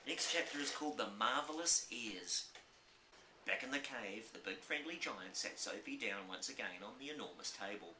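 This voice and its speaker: A man narrating a children's book in a calm, even delivery, his voice very bright. He sounds distant from the mic in a roomy space, with a faint hiss underneath. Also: mid-range voice, moderate pace. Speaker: reader. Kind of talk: reading a children's novel aloud.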